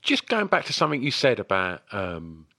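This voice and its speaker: A man's voice: mid-range voice, wildly swooping pitch, normal speed, vocal fry, bright, forceful tone, no room sound, studio quality. A male interviewer asking long, hesitant questions in a casual interview.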